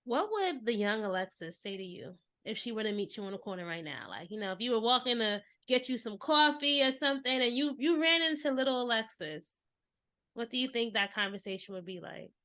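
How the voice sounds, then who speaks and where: A woman's voice: on the high side, lively intonation, a little fast, sharp tone. A woman hosting a podcast in casual conversation, chatty and affirming, often laughing along with her guest. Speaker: podcast host.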